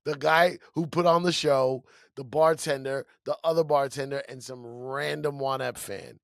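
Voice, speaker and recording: A man's voice: mid-range voice, fairly even intonation, moderate pace, vocal fry, dry recording, studio quality. A man in casual podcast banter, cracking crude jokes and telling road stories. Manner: joking, crude quips. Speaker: comedian podcast co-host.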